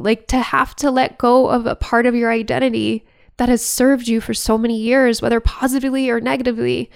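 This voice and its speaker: A woman's voice: on the high side, level tone, brisk, gravelly, clean tone, dry recording, studio quality. A woman giving a heartfelt, reflective talk to camera about recovery. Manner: heartfelt and searching.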